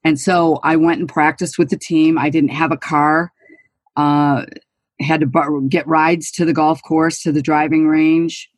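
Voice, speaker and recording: Recorded dry, this former college golfer in her sixties, a New Yorker from upstate, recounts her life as an interview guest. She sounds low-pitched and flat, keeps a measured pace, and comes across as earnest, emphatic and frank.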